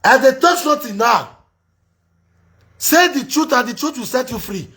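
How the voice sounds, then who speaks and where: A man hosting a casual live-stream chat in Nigerian Pidgin, animated and insistent, often cutting in. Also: very high voice, moderate pace. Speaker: host.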